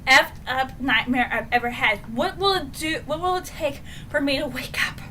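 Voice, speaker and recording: A woman's voice: high-pitched, normal speed, sharp tone, slight background noise. A woman voicing a young man who thinks he is in a nightmare, talking with frantic bravado. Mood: defiant. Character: scared, defiant young man trapped in a nightmare.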